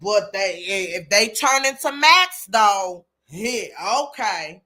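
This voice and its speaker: A woman's voice: medium pitch, lively intonation, takes it slowly, bright, forceful tone. A woman hosting a casual live chat, exclaiming and talking to listeners by name. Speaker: host of a live chat room.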